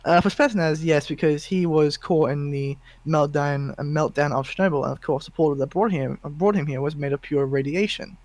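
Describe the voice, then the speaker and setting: A man's voice: on the high side, moderate pace, hardly any pauses, darkish tone. A man sharing his character on a fan panel, talking casually and hesitantly, often repeating words. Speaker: panel participant.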